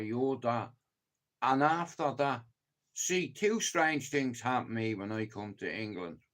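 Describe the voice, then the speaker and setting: A man with an Irish accent talks slowly and deliberately through a casual live-stream monologue. He swears freely and leans hard on his points, speaking in a middling voice. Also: medium pitch, fairly bright tone. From Ireland. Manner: sweary, emphatic storytelling.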